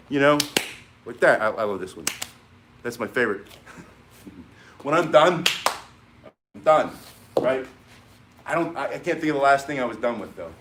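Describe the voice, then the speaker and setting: A man's voice: mid-range voice, fairly bright tone, slight background noise. A middle-aged man teaching a martial arts class in a casual, encouraging way, rambling with fillers and restarts.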